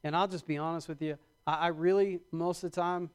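High-voiced preaching man. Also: fairly even intonation, smooth. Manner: preaching with rising emphasis and quick acted-out asides. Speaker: pastor. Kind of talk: sermon.

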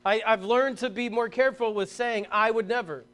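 Preacher man, middle-aged, high voice, animated, emphatic, slow scripture reading. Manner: animated storytelling, emphatic bursts, reads scripture slowly. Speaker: pastor. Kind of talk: sermon.

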